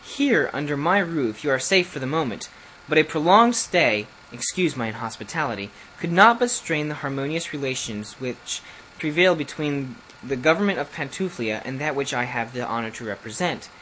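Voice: expressive, normal speed, a bit bright, slight background noise, close to an everyday voice, poor audio. A reader doing a flustered, fussy ambassador lord. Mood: worried formality. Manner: formal, flustered, rising to shrill alarm.

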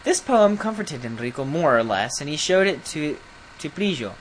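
A storyteller reading a fairy tale aloud, expressive, with small slips and self-corrections. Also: mid-range voice, moderate pace, slight background noise.

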